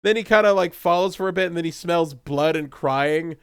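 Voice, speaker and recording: A man's voice: fairly high pitch, fairly quick, clean tone, no echo, studio quality. A man co-hosting a casual podcast, recapping a TV episode, laughing a lot and acting out characters' lines as jokes. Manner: laughs often, acts out characters' lines jokingly. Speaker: podcast co-host.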